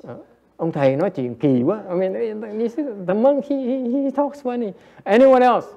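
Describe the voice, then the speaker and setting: A man's voice: high voice, animated, moderate pace, mellow. A Buddhist teacher giving a Dharma lecture, playfully coaxing his class and switching between English and Vietnamese. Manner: frequent laughter and repeated "yes, yes".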